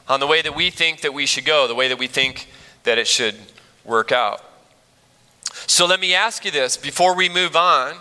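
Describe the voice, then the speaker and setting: A male pastor giving a sermon with a high, very bright voice that rises and falls in lively swings. He talks earnestly and conversationally, circling back to restart his phrases. The long reverb of a large church hall follows him. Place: church sanctuary.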